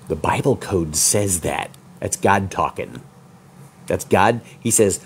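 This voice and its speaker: A man preaching a sermon as pastor, fiery, swinging from loud peaks to low asides. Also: takes it slowly, a little hiss or hum.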